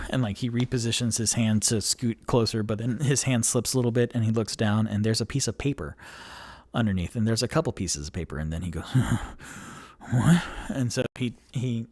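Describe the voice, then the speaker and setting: A man's voice: fairly low pitch, a little fast. A man narrating a solo tabletop game as dungeon master, rambling with many fillers. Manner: rambling, filler-heavy, animated.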